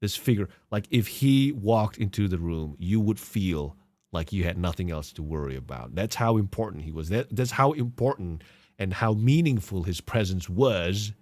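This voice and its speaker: A man's voice: low-pitched, animated, normal speed, a little mellow. A man hosting a podcast and reacting to game clips in casual commentary, sarcastic and mocking, swearing and laughing often. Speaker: podcast host.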